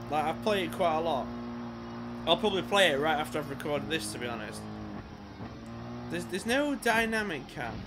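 A British man giving let's-play commentary on a video game, muttering with exasperated, sarcastic remarks and the odd swear word. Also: on the high side. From Britain. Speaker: gamer and video creator.

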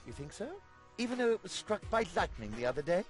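A ragged street beggar from a video game, pleading and theatrical, with a dry wit. His voice is high and lively. Faint music sits behind the game audio. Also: fast. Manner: whiny and pleading, then dry and witty.

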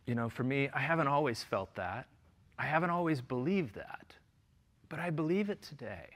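Lively, earnest preaching man. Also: mid-range voice, normal speed. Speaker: pastor. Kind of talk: sermon.

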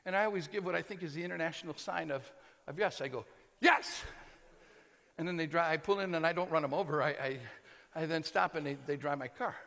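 An American man preaching, telling a comic story with shouts and laughter in an animated way. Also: a little high, fast talker, vocal fry. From United States. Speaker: pastor. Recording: long hall reverb.

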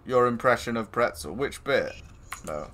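A man's voice: medium pitch, lively intonation, moderate pace, a bit bright, a little hiss or hum. A man streaming a shooter game, chatting casually with a friend and teasing him with frequent swearing. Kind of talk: casual gaming chat.

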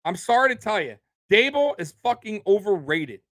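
A man's voice: high voice, big pitch swings, normal speed, fairly bright tone, no room sound. A man hosting a sports show, ranting in casual, heated, profane talk with bursts of incredulous laughter. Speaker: sports podcast host.

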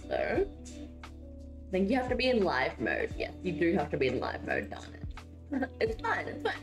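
A chatty woman streamer talks to her viewers while building, giggling freely between thoughts. Her voice still sounds sleepy from waking up, yet her pitch swings up and down a lot. The room has a noticeable echo, with faint music playing underneath. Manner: giggly and chatty, reading out and answering chat. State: just woke up, voice not warmed up. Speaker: streamer building in a life-sim game. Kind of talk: casual live-stream chat with viewers.

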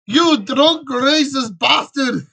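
A man putting on an exaggerated Scottish accent to play a rowdy, foul-mouthed man who is quick to threaten. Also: very high voice, gravelly, voice pushed up, heavily acted. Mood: gruff. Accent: put-on Scottish. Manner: shouting, swearing, exaggerated brogue.

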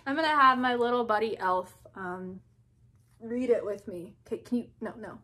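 A woman's voice: a little high, sharp tone, a little hiss or hum. A young woman chatting bubbly and gushing as she opens fan mail for her vlog. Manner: bubbly, gushing, quick to squeal. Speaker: YouTuber opening fan mail. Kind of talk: casual vlog chat.

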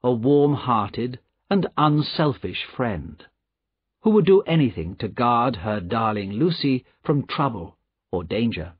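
A man narrating an audiobook in a slow, deliberate storytelling manner, in a dry, slightly dull recording. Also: medium pitch, big pitch swings, slightly rough, no room sound. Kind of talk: scripted narration.

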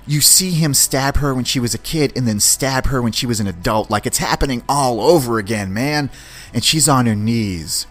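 A man hosting a podcast, giving an excited, slangy, rambling review of a series. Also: mid-range voice. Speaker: podcast host. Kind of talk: casual film review.

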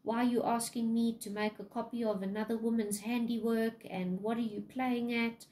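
A woman quoting a jealous, indignant young woman in quick, incredulous questions. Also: a little high, steady tone, warm tone, close to an everyday voice.

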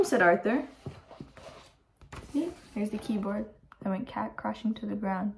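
A woman's voice: medium pitch, a little slow, long pauses, a little mellow, slight background noise, rough recording. A teenage girl reading a picture book aloud to young listeners, giving the characters voices and adding chatty asides. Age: teens. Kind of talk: read-aloud storytime with asides.

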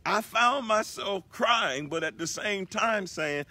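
Animated, husky-voiced man preaching live. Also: sits high, slow, few pauses, dry recording. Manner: preachy, repetitive, emphatic. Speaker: broadcast host. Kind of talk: inspirational live broadcast talk.

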